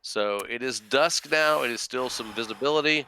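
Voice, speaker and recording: A man's voice: medium pitch, moderate pace, bright, forceful tone, a little hiss or hum. A man acting as dungeon master, explaining the map to players with frequent restarts. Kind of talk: running a tabletop game over a call.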